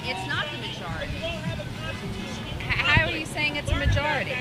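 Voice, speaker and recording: A high voice argues at an outdoor rally, pressing the same questions again and again. A loud crowd roars behind, and the speaker pushes through it stubbornly. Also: brisk. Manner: insistent, repeating questions. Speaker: rally attendee. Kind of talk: heated street argument.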